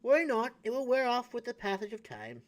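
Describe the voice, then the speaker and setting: A man voicing a cool-headed woman sorceress from a video game, measured and lecturing. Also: extremely high pitch, big pitch swings, voice pushed up.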